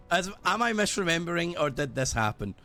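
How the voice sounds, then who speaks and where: A British man streaming a game, chatting casually in a rambling, sweary, animated way. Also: fairly high pitch. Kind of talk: casual gaming stream chat.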